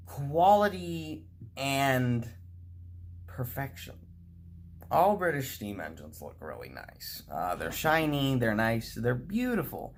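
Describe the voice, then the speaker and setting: A man's voice: mid-range voice, fairly bright tone, slight background noise. An American man chatting casually and rambling while servicing a model train, often laughing at his own remarks. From United States. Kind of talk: casual chat while working.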